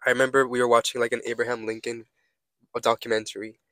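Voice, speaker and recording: A man's voice: mid-range voice, flat delivery, fast, sharp tone, no echo. A young man co-hosting a casual podcast, rambling through stories and swearing freely. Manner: rambling storyteller, swears a lot. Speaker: podcast co-host. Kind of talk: casual chat.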